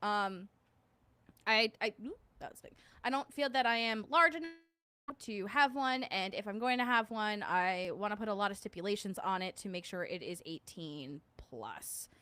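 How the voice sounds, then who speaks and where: A woman's voice: medium pitch, lively intonation, moderate pace, bright, forceful tone, clean tone. A woman hosting a casual livestream, chatting with viewers. She reads their comments aloud, jokes and laughs often, and hums little filler tunes. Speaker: livestream host.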